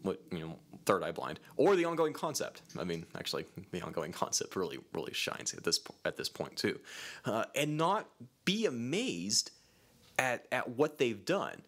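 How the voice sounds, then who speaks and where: A man's voice: on the low side, normal speed. A man co-hosting a casual podcast, chatting animatedly and reading a long passage aloud. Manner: animated, lively, reads a long quote aloud. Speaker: podcast co-host.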